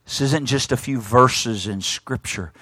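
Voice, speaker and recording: A man preaching a sermon, retelling a scripture story in lively everyday speech and often repeating his words. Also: mid-range voice, unhurried, slightly rough, no echo.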